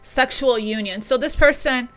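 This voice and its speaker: Woman tarot reader, bright voice, effusive and heartfelt, soft music underneath. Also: high-pitched, normal speed. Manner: gushing, emotional, repeats words. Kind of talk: channeled tarot reading.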